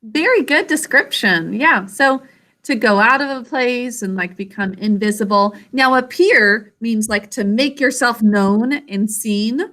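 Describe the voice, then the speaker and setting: A woman teaching a spelling lesson to children over a video call, sounding out each syllable slowly and deliberately. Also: a little high, a bit bright.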